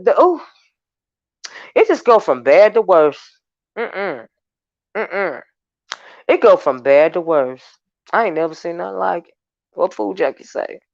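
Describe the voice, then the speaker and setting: Exasperated woman ranting, lively swooping voice. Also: lowish voice, gravelly, no echo, muffled recording. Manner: animated, exasperated, drawn-out sighs and hums. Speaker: commentary channel host. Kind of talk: casual ranting commentary.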